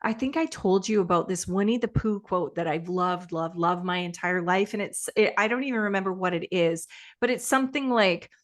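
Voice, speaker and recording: A woman's voice: on the low side, fairly quick. A woman co-hosting a podcast, chatting casually and reflectively, with lots of agreeing replies. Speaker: podcast co-host. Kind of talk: casual chat.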